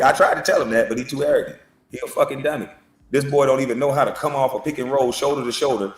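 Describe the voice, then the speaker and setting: A man's voice: medium pitch, fast talker. Taunting man in a distant, echoey clip. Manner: taunting, mocking, trash-talking. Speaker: online commentator. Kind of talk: mocking video commentary.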